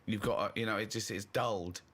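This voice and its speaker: A man's voice: fairly low pitch, fairly even intonation, brisk, a bit bright, breathy edge. A man with a teasing, sarcastic manner, mocking his friend in casual chat. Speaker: co-host.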